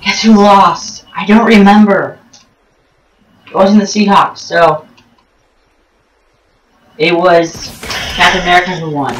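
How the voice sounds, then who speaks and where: A woman giving rambling, joking commentary over gameplay, full of ums and restarts and sudden jumps in pitch. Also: steady tone, takes it slowly, long pauses, a little hiss or hum. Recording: roomy echo, distant mic, faint game music.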